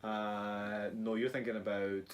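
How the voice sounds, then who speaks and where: A man's voice: on the low side, little pitch movement, measured pace, a little hiss or hum. A man with a Scottish accent co-hosting a casual live stream, joking around and reading viewer comments aloud. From Scotland. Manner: jokey, rambling, reads viewer comments aloud. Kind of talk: casual chat.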